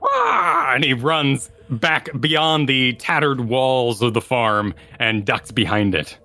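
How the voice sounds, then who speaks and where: A man's voice: medium pitch, slow pace, bright, forceful tone. A man narrating a tabletop game as game master, with vivid descriptive detail.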